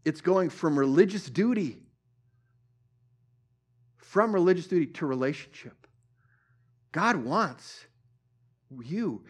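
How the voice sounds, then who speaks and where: A male pastor preaching a sermon at a church service, repeating phrases for emphasis and swinging between loud and hushed. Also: high-pitched, sing-song, slow, long pauses.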